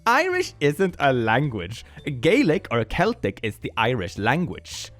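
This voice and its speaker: A man's voice: mid-range voice, wildly swooping pitch, a little slow, fairly bright tone, no echo, faint music behind. A man putting on a smug know-it-all commenter. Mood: condescending. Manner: condescending, overconfident.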